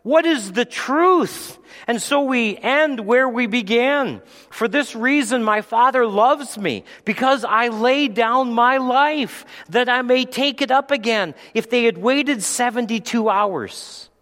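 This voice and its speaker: Dramatic high-voiced male preacher in a reverberant hall. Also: takes it slowly, hardly any pauses. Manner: dramatic, swings between loud preaching and hushed storytelling. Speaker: pastor. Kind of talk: sermon.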